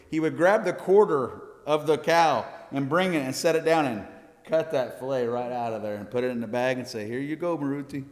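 A man's voice: mid-range voice, fairly quick. A man from the United States, a missionary, speaking earnestly and folksily to a church congregation, laughing often. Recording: long hall reverb.

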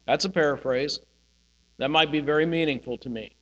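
A male pastor giving a sermon, teaching in a slow, reflective way and pausing on single words. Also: fairly high pitch, a bit bright, lo-fi sound. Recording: hall reverb with mains hum.

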